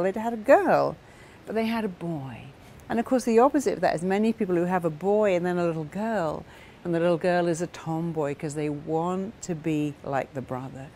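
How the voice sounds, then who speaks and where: A middle-aged woman therapist giving a motivational talk, telling client stories in a lively way and acting out the voices of the people in them. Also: sits low, slight background noise. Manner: animated storytelling that acts out quoted voices.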